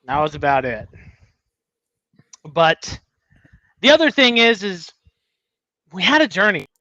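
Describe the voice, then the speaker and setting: Guy telling a story on a podcast, high bright voice, dull lo-fi dry sound. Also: takes it slowly, no room sound. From United States. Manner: animated storyteller, acts out quotes. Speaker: podcast co-host. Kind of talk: casual chat, storytelling.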